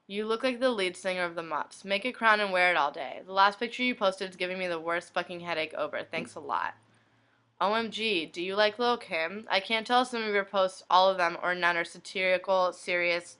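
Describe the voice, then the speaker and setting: A woman's voice: on the low side, moderate pace, sharp tone, smooth. A young woman blogger reading inbox messages aloud one after another, in a plain reading manner. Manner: reads each message in turn, plainly.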